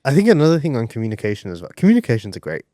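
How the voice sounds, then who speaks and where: A man co-hosting a podcast in casual chat, talking in an animated way, swearing and acting out the voices he quotes. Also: medium pitch, rapid-fire, dry recording, clean studio sound. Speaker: podcast co-host.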